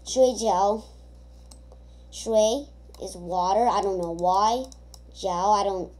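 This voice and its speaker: A woman's voice: mid-range voice, takes it slowly, darkish tone. A woman giving casual gameplay commentary, rambling and thinking aloud with many hesitations. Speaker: gamer.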